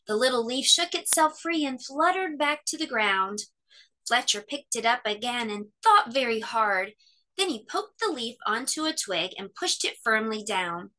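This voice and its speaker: A woman reading a children's picture book aloud at story time. Her voice is bright and fairly high, and she tells the story expressively. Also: expressive, a little slow.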